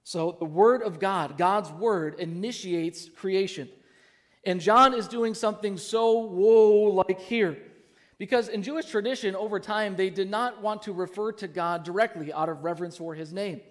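A man preaching a sermon to his congregation. He is animated, uses frequent fillers when telling stories, and leads the room in call-and-response. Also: sits high, long reverb tail. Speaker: pastor. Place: church sanctuary.

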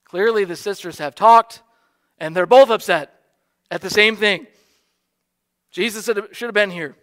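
An American man, a pastor, preaching a sermon in an earnest way, softly repeating key lines for emphasis. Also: high-pitched, moderate pace.

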